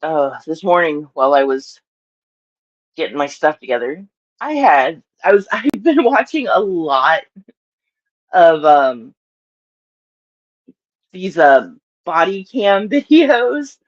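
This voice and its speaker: A woman's voice: deep voice, sing-song, slow, long pauses, lo-fi sound. A woman with a Southern US accent chatting casually to her live-stream audience, rambling and laughing often.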